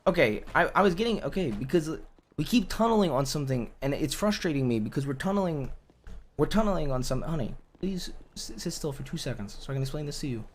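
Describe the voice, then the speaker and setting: A man doing a flustered, exasperated young man who keeps begging his partner to hear him out. His voice sits a little high and swings widely as he repeats himself and restarts sentences. A faint hum of noise sits under the game roleplay. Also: expressive, quick pace, natural voice. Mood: pleading. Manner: pleading, repeats himself, stumbles over restarts. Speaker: roleplay character.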